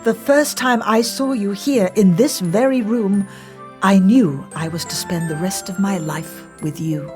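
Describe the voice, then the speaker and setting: A woman's voice: medium pitch, soft background music, lightly acted. Prince Charming, a woman doing a tender young prince. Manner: soft, tender, slow. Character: gentle romantic young prince.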